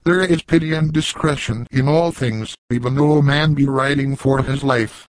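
A man's voice: mid-range voice, fairly even intonation, moderate pace, no echo, close to an everyday voice, rough recording. A man reading the part of a weathered old backwoods trapper, plainspoken and chiding, in a dry audiobook recording. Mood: stern.

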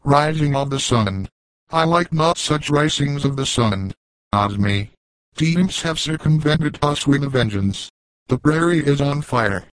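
A man voicing a calm, commanding old frontier trapper who speaks slowly and gravely. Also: on the high side, no room sound, low-quality recording. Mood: alarmed. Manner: slow, deliberate and grave.

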